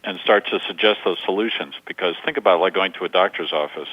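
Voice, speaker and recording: A man in his sixties, a communication coach, giving measured interview answers through stories and examples. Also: low-pitched, dry recording. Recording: dull lo-fi sound.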